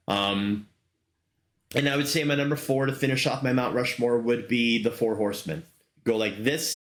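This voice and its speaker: A man's voice: mid-range voice, a bit bright. Enthusiastic middle-aged male host, roomy sound. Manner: enthusiastic, rambling with fillers. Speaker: podcast host. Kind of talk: casual solo commentary. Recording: roomy echo.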